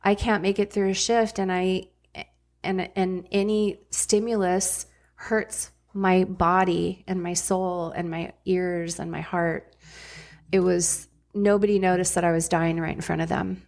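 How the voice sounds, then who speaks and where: A woman's voice: fairly low pitch, flat delivery, takes it slowly, vocal fry, darkish tone. A middle-aged woman, a podcast guest and former ER nurse, telling her story candidly in a blunt, casual way with frank swearing.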